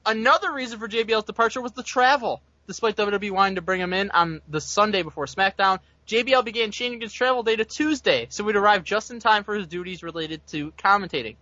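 Bright high-voiced man reading news. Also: fast talker, few pauses, dry recording, muffled recording. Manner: reads reports, teasing asides. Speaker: podcast host reading wrestling news. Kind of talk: reading news in casual chat.

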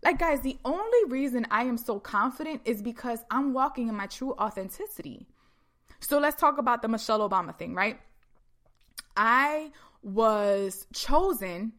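Fired-up woman doing a motivational talk, slightly high voice, talks right to the audience. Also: moderate pace. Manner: energetic, emphatic, addresses listeners directly. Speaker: motivational speaker.

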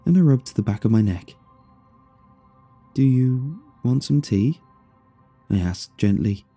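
Man, first-person story narration, dark husky voice, lively pitch, dryly amused, faint music behind.

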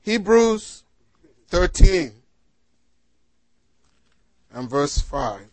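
A man preaching a sermon to a congregation, asking them to fill in the words and swinging between loud exhortation and quiet asides. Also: sits high, big pitch swings, extremely slow, no echo. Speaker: pastor.

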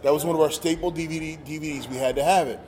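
A man telling a story in casual chat, acting out quotes with animated energy. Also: a little high, very fast, a crowd in the background. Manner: animated, acts out quotes loudly. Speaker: podcast guest, former wrestler. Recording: roomy with long reverb and faint noise.

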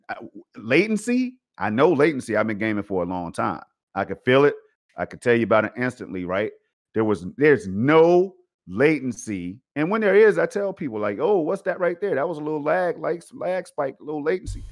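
Casual male streamer, mid-pitched, slangy and animated, talks straight to viewers. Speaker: co-host of a gaming livestream. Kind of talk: casual gaming talk.

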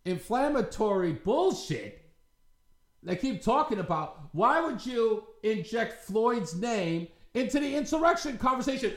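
A man hosts a commentary show and rants with heat and scorn. His voice sits high and swings widely in pitch. It has a bright, sharp edge. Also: sing-song, a little slow. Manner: heated, confrontational, scornful. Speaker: talk show host. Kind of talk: ranting commentary.

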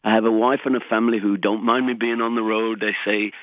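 A man's voice: lowish voice, little pitch movement, fast talker, dry recording. Older guy on a tinny phone line, chatty and self-mocking. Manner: chatty, self-mocking, sings snatches of songs. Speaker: guest musician. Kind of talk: casual interview chat.

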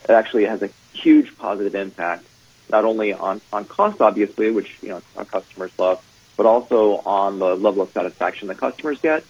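A man as a guest on a casual panel, agreeing and explaining in a measured way. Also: on the low side, darkish tone, slightly rough. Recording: dull lo-fi audio.

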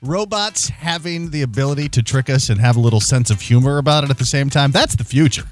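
A man's voice: medium pitch, fast, soft background music. A man hosting morning radio in playful, joking banter. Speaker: radio host. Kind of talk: casual morning radio chat.

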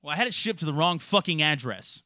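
A male podcast host with a bright, forward voice and a wildly swinging pitch that jumps into shouted bursts. He rants and swears at every turn, his mic close and dry. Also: lively intonation, quick pace, no echo. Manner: swears constantly, loud ranting outbursts. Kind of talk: profane ranting podcast chat. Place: home podcast studio.

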